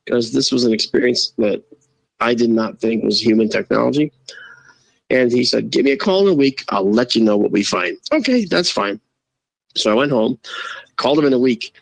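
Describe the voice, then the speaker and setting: A man guest telling a casual, animated story and acting out the quoted voices. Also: mid-range voice, vocal fry, dry recording, poor audio. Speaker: guest, astronomer and photo-video analyst.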